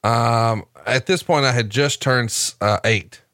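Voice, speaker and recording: A man's voice: mid-range voice, measured pace, pushed and bright, dry recording, clean studio sound. A man in his forties co-hosting a casual podcast, cracking profane jokes. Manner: wisecracking, profane. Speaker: podcast co-host. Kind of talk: casual watch-along chat.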